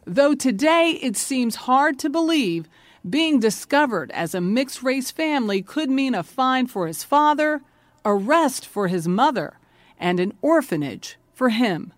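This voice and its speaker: Lively higher-voiced woman reporter. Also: no room sound. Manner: measured, polished reporter delivery. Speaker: news correspondent. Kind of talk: scripted news narration.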